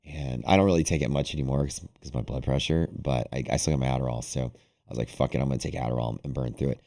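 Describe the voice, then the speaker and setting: Casual streamer host, young man, very deep voice, loose rambling storyteller. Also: fast, creaky. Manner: rambling, animated, heavy use of "like". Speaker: day-trading livestream host. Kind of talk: casual storytelling to a live audience.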